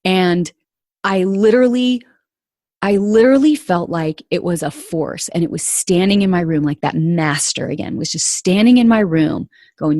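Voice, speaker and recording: In clean studio sound without echo, a woman with a fairly low, slightly mellow voice hosts a podcast at normal speed. She shares a personal story in an earnest, confiding manner, addressing listeners straight on as "you guys."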